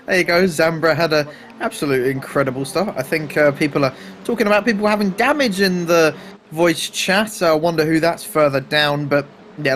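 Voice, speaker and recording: Brief: male race co-commentator, raised pitch, laid-back, umming often, faint engine noise behind. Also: a bit bright. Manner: casual, filler-heavy, hesitant. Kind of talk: sim racing commentary.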